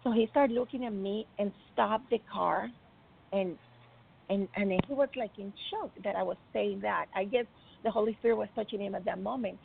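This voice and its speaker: Woman, middle pitch, gravelly; fervent storyteller recounting a faith encounter. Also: moderate pace, slight background noise. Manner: earnest, fervent, with frequent restarts and quoted dialogue. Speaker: Christian testimony speaker. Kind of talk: personal testimony storytelling. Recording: tinny phone-like recording.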